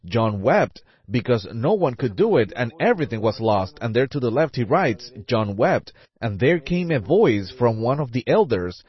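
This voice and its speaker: A man preaching a sermon, fervent and exclamatory, narrating a scripture story while describing drawings on a board. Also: mid-range voice. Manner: fervent, rising exclamations, drawn-out emphasis. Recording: dull lo-fi recording.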